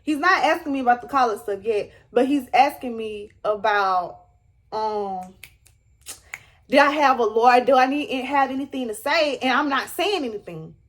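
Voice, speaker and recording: Animated young woman telling a story. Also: a little high, moderate pace. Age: young adult. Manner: animated, dramatic retelling with rising squeals. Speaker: storyteller vlogger. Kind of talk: storytime vlog.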